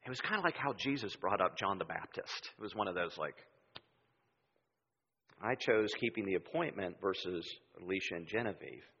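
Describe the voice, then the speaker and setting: A man preaching a sermon in a church, telling stories in an animated way and acting out the voices he quotes. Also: sits low, moderate pace, gravelly, slightly rough. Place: church sanctuary. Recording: dull sound with long hall reverb.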